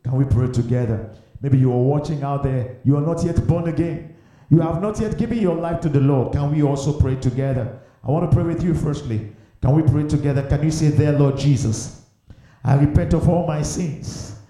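A man preaching with fervent, repetitive exhortation, his voice mellow and dark, a bit higher than most men's. He sounds like he's in a very echoey church hall. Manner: fervent, repetitive exhortation, breaks into slow song. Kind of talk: sermon with sung worship and altar call. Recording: very echoey room.

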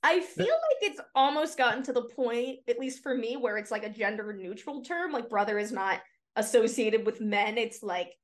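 A woman's voice: on the high side, animated, normal speed. A young adult woman co-hosting a podcast in casual chat, playful and laughing often, with lots of "like" and "you know.". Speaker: podcast co-host.

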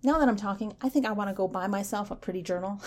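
A woman hosting a casual self-help podcast, playful and animated, switching between hushed asides and bright exclamations, and reading poetry slowly and softly. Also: medium pitch. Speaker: podcast host.

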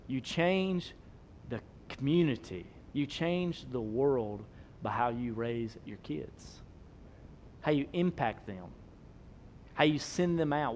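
A man, preaching a sermon, swinging between loud emphasis and soft low asides. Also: measured pace, pauses often, a little hiss or hum. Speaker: pastor.

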